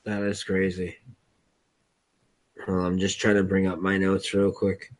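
A man's voice: low voice, monotone, measured pace. A man co-hosting a casual online show, rambling with restarts, swearing freely in disbelief. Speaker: co-host.

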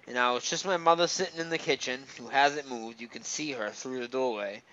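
Smooth-voiced man rambling through a ghost story. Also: mid-range voice, a little fast. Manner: rambling, animated ghost story with many fillers and restarts. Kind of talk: casual storytelling. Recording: slightly dull, muffled recording.

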